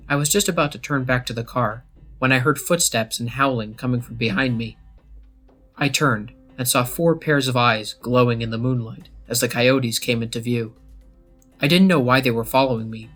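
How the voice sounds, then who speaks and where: A man telling a first-person horror story as scripted narration, in a steady, measured way. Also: mid-range voice. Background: faint background music.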